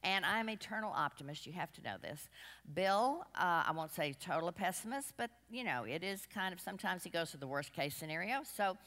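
Low-voiced woman, chatty and rambling. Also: a little fast. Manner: rambling, chatty, self-deprecating, animated anecdotes. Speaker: women's class speaker. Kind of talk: storytelling talk to a group. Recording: long hall reverb.

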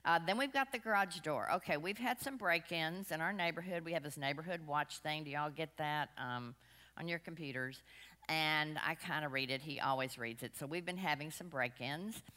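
Low-voiced woman, chatty and rambling. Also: normal speed. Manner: rambling, chatty, self-deprecating, animated anecdotes. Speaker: women's class speaker. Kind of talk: storytelling talk to a group. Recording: long hall reverb.

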